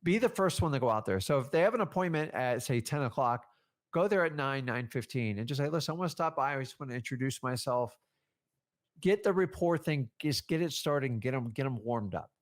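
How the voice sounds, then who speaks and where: A man delivers an informal real estate training talk in a brisk, medium-pitched voice, animatedly role-playing the way conversations with sellers go.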